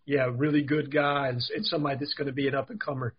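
A man's voice: mid-range voice, flat delivery, fast, breathy edge. A man co-hosting a casual sports talk show, agreeable and lightly teasing. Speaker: podcast co-host. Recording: slightly muffled podcast audio.

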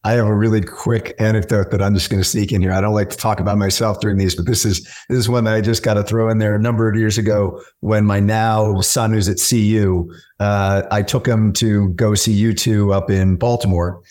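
A middle-aged man hosting an interview, telling quick, chatty anecdotes and asking long questions. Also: lowish voice, little pitch movement, a little mellow. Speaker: interview host. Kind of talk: casual conversation.

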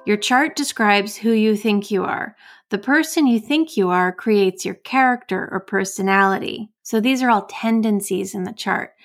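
A woman's voice: medium pitch, normal speed. List: american woman, podcast host, astrologer and coach, casual solo talk, mid-range voice, chatty, self-interrupting.

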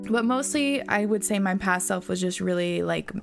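A woman's voice: mid-range voice, expressive, normal speed, creaky, over loud music. A young adult woman hosting a podcast alone, talking in a chatty, reflective way with lots of fillers. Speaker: podcast host. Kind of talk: casual solo podcast talk.

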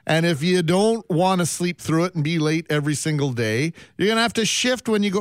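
A man co-hosting radio, wry and animated as he tells a family story. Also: on the high side, fairly quick, hardly any pauses. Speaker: radio co-host. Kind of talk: casual radio banter. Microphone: studio microphone. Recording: dry close studio sound.

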